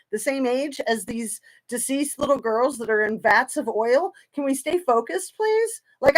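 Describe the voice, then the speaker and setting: A woman hosting a casual true crime livestream, chatting in a rambling way with sarcastic asides. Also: fairly high pitch.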